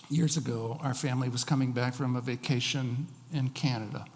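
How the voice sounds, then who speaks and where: Male pastor, mid-pitched, expressive storytelling sermon, long hall reverb. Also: unhurried. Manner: storytelling, varied emphasis.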